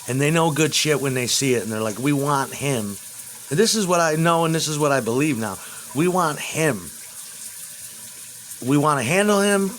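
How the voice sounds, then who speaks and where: A man in a rambling, crude monologue vlog, swinging between loud outbursts and low mutters, recorded at home. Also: a little hiss or hum, rough recording.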